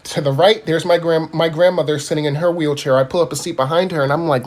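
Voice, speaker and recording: A man's voice: a little high, fairly even intonation, quick pace, few pauses, darkish tone. Exasperated man telling a crude story. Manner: crude, exasperated, heavy cursing. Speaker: comedic storyteller. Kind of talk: profane comic storytelling.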